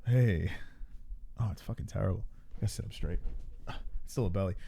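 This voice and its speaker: Brief: young male co-host, loose and profane, quick to laugh, squeaks into high voices when quoting himself. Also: creaky, warm tone, slightly rough. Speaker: livestream co-host. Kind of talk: casual livestream chat.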